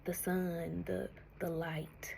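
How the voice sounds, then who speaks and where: A woman giving a spiritual tarot message, speaking slowly and soothingly, often dropping to a breathy whisper and calling the listener honey, sounding emotional and close to tears. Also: lowish voice, flat delivery, a little mellow, a little hiss or hum. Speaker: tarot reader.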